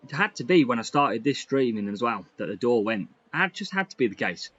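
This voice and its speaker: A man giving lively, excitable commentary over a racing game he is playing. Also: medium pitch, brisk, slightly rough, lo-fi sound. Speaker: gaming YouTuber. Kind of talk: gameplay commentary.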